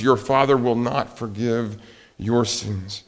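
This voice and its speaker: Middle-aged male pastor preaching dynamically. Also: moderate pace. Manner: dynamic, swings from loud emphatic peaks to quiet confessional lows. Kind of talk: sermon.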